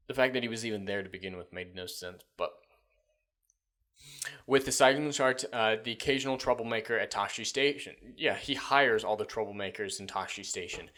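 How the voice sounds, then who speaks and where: A man's voice: medium pitch, fairly quick, a bit bright. A man hosting a commentary video, reading out an article and mocking it with sarcastic, profane asides. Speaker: commentary channel host.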